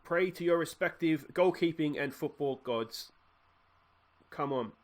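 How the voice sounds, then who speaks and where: A young Australian man commentating his own football management game, swinging from loud shouts at near misses to quiet musing. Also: a little high, unhurried. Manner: bursts into shouts at near misses, then drops to musing mutters. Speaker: gaming let's play host.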